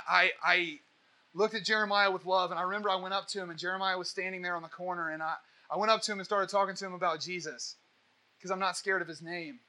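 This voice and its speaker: A young Catholic evangelist gives an impassioned question-and-answer talk, rambling through energetic, preachy stories. His voice sits high.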